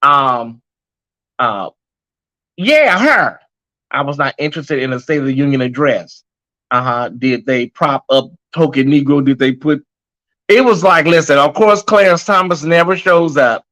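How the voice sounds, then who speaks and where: A sassy man hosting a live stream, with a high voice that rides well above most men's. His tone is bright and forceful. He chats loosely and calls his audience y'all and honey. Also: lively intonation, measured pace. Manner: sassy and chatty, addresses viewers as y'all and honey. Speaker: host of a live online commentary show. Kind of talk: casual live-stream commentary.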